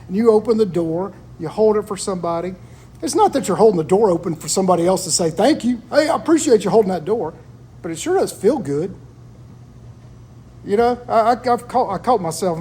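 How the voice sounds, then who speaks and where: A man with a voice pitched high for a man talks through personal stories in a relaxed conversational chat. He sounds earnest and reflective as he shares them. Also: slight background noise. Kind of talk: casual chat.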